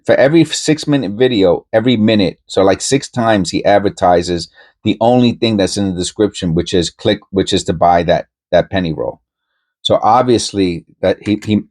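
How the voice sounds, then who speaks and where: A man's voice: on the low side, a little mellow. A man hosting a coin-hunting channel, talking casually and rambling with many restarts and self-interruptions. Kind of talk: casual commentary to camera.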